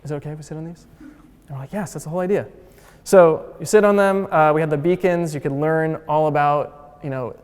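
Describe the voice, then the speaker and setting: A man's voice: a little high, clean tone. A man giving a casual, upbeat lecture about his design museum, talking in a chatty way with lots of fillers. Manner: chatty and upbeat, heavy use of "like" and "uh"; acts out quotes with voice shifts. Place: lecture hall. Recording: long reverb of a lecture hall.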